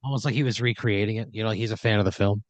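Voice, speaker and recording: A man tells an improvised story in second person, rambling with lots of fillers and asides. His voice is on the low side. The recording is dry, with no room sound. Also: fairly even intonation, very fast, no room sound. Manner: rambling, lots of "like" and "you know". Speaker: host running the improv story.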